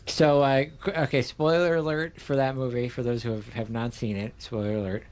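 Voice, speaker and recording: A man's voice: medium pitch, level tone, a little fast, darkish tone, a little hiss or hum. A man from New York hosting a casual livestream, asking questions in a rambling, enthusiastic way.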